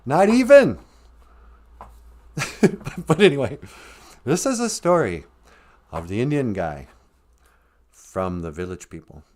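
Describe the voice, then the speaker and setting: A man's voice: fairly low pitch, huge pitch swings, unhurried, long pauses. A man from Minnesota, telling a loose, joking, rambling story on a live stream.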